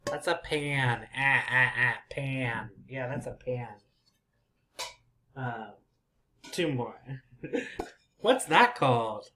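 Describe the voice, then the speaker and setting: Patient male language teacher, very slow and clear, repeats each word, soft chuckles. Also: mid-range voice, slight background noise. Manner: patient, repeats words slowly, soft laughs. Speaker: English teacher. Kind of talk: slow, simple language lesson.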